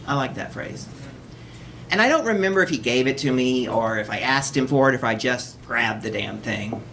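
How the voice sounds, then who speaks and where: A man from Texas hosting a live storytelling show in a cabaret, telling a personal story in a wry, animated way and often laughing as he goes. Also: mid-range voice, normal speed, a little hiss or hum. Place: cabaret stage before an audience.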